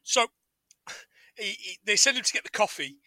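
A high-pitched man talks in a lively, sing-song way as he recaps a show, laughing and cursing between thoughts. His tone is very bright and cutting, and the sound is close and dry, with no room around it. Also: moderate pace, no room sound. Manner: animated, laughing, swearing, retells scenes. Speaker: podcast co-host. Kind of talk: casual chat recapping a TV show.

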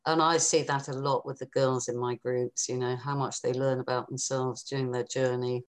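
A woman's voice: extremely low pitch, flat delivery, moderate pace. A middle-aged woman, a counsellor, talking in a reassuring and earnest way in a podcast interview. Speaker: postnatal depression counsellor.

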